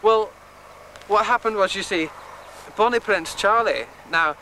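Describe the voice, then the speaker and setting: An Englishman doing a bumbling Scottish tour guide who rambles through history with mock earnestness, his voice pitched high. He stands out on an open moor, caught on a camcorder mic with steady outdoor noise behind him. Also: unhurried, exaggerated voice. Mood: mock-earnest. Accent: put-on Scottish. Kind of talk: comic mock history lecture. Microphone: handheld camcorder mic. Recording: noisy outdoor camcorder audio.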